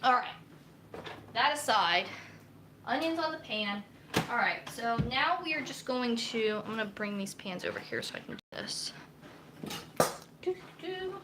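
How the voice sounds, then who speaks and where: A woman's voice: fairly high pitch, big pitch swings, normal speed, heavy background noise. A young woman, a dietitian, chatting casually and rambling with many fillers while cooking in her home kitchen on a live stream. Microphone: camera mic.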